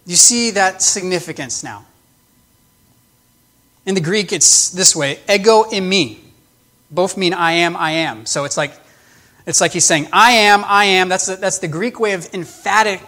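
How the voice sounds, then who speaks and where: A man's voice: high voice, sharp tone. A man preaching a sermon, explaining the text in an earnest, emphatic way with frequent restarts. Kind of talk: sermon teaching.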